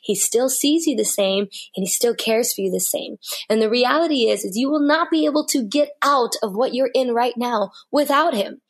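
A woman's voice: a little high, normal speed, breathy edge. Earnest woman sharing a faith testimony. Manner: earnest, heartfelt, repeats phrases for emphasis. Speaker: guest. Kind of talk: faith interview, personal testimony.

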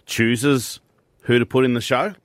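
A man's voice: medium pitch, fairly even intonation, measured pace, no echo. A man co-hosting breakfast radio in a studio, teasing and easygoing. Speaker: radio co-host. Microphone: studio microphone.

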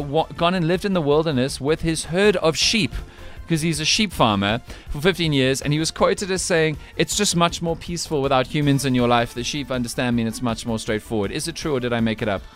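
A male radio host runs a quiz with playful, teasing banter, his voice a touch high. Light music plays behind him in the studio. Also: a bit bright. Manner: teasing quizmaster.

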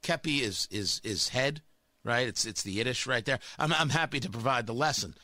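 A man's voice: mid-range voice, normal speed, bright, forceful tone, no room sound. A man delivering a sarcastic, combative opinion monologue as a talk show host.

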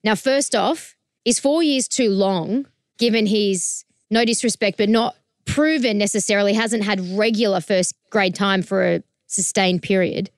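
A woman hosting a sports chat in a middle-pitched voice. She is upbeat and moves the talk along with questions and links to the next segment. The sound is dry and close-miked. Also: unhurried, no room sound. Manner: upbeat, steers topics with questions. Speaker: show host.

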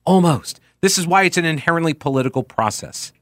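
A man's voice: a little high, lively intonation, a little fast, fairly bright tone, dry recording, clean studio sound. A man hosting a political talk show, speaking casually and sarcastically while reading listener tweets aloud with frequent asides.

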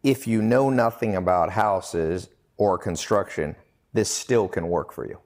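A man hosts a casual interview in a somewhat low voice. He lays out his points emphatically, counts them off, and jumps in with quick questions. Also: darkish tone. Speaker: podcast host, interviewer.

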